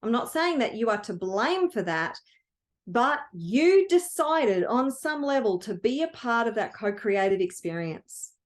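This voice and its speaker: Brief: earnest woman coach, heartfelt motivational talk, high voice. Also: big pitch swings, a little slow. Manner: earnest and emotional. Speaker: wealth coach.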